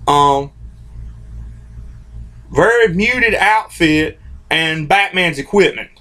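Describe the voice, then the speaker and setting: A man with a notably high voice hosts his own vlog and rants about comics. He sounds heated and informal, circling back to repeat himself and restarting his sentences. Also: sharp tone. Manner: heated, repetitive, informal, restarts phrases often. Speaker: host of a comics commentary channel. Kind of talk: opinionated vlog rant.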